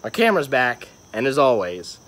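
A young man vlogger tells a story to his camera in a casual monologue, rambling and filling it with lots of "like" and "um." His medium-pitched voice is very animated and fairly bright, at normal speed.

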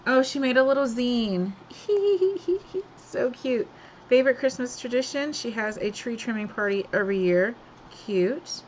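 A woman's voice: fairly high pitch, lively intonation, a little slow, slight background noise. Gushing woman crafter, dull lo-fi audio. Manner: chatty and gushing, laughs often. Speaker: craft swap host. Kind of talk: casual craft unboxing chat.

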